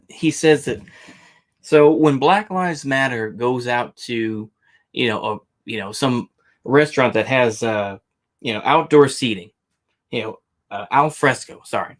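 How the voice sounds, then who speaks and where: A man hosting a reaction stream, talking in a casual, sarcastic and argumentative way. He rambles and circles back on his points. His voice sits at an ordinary middle pitch. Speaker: stream host reacting to a video. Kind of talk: casual commentary.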